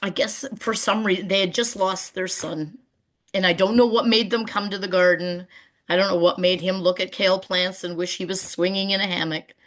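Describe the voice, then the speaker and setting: A middle-aged woman presenting on a video call webinar about community gardens, telling stories and lively when she quotes people. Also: mid-range voice, normal speed. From Canada. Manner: warm storyteller, animated when quoting people.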